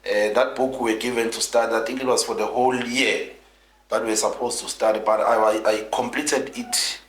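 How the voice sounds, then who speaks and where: Speaking a little fast in a lowish, slightly bright voice with flat delivery, a male guest politician from South Africa tells his life story during an interview. He rambles earnestly and keeps restarting, and the room echoes noticeably.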